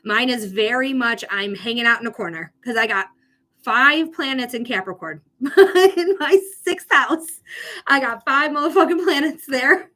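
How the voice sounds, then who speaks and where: A woman's voice: high voice, expressive, measured pace, sharp tone. A woman hosting a live psychic reading stream, chatting casually with viewers and swearing now and then.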